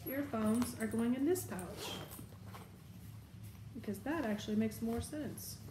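A woman's voice: on the high side, measured pace, roomy sound, noisy background. A woman chatting casually as she packs her bag, thinking aloud. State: has the hiccups. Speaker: vlogger. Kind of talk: casual show-and-tell.

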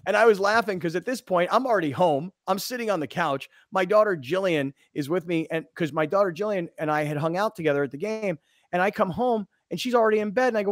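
An excitable male sports radio host spins a story with lots of energy. His voice sits fairly high, and the sound is dry and close. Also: fast, no room sound. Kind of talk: casual sports talk storytelling.

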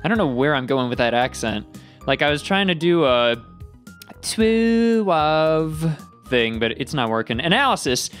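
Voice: mid-range voice, a little fast, a bit bright, soft background music. A let's player giving casual, crude and sarcastic commentary over gameplay.

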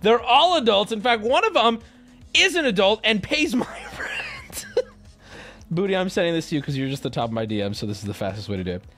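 A man's voice: fairly high pitch, racing, hardly any pauses, faint music behind. A man chatting casually and rambling on a live stream, swearing often. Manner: rambling, profane, animated.

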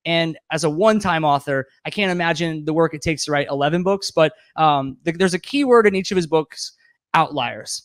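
A man's voice: fairly high pitch, fairly quick, no room sound. A man hosting a speaker series, introducing his guest in a chatty, enthusiastic way. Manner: chatty, enthusiastic, laughs between remarks. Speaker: event host.

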